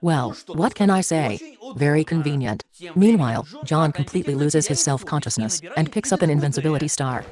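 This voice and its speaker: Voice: medium pitch, expressive, a little fast, a little mellow. A film reviewer giving sarcastic, mocking scripted narration in slightly broken English.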